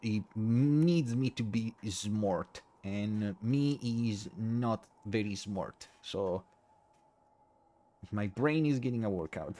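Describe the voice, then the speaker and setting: Giggly, rambling, apologetic streamer. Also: male voice, fairly low pitch, takes it slowly, dark tone. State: tired, low on energy. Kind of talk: casual live-stream chat.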